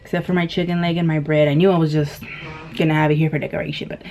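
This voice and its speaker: A woman's voice: low-pitched, flat delivery, racing, darkish tone, faint music behind. Chatty woman vlogger eating on camera. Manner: chatty, laughs often, many fillers. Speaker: mukbang vlogger. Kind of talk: casual storytelling while eating. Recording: dull lo-fi camera audio with faint noise.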